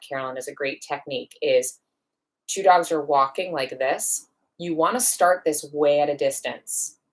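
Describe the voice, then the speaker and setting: A woman with a low voice talks through dog training in a live question-and-answer session. She explains practical steps one by one and briefly acts out little exchanges as she goes. Her delivery is plain and instructive. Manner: practical, explains step by step with quick acted-out asides. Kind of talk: live online Q&A lesson.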